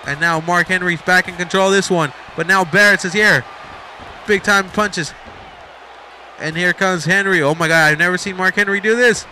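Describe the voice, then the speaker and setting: A man doing excited, rambling play-by-play commentary over a video game match, shouting at the big moves. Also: sits high, moderate pace, a little hiss or hum.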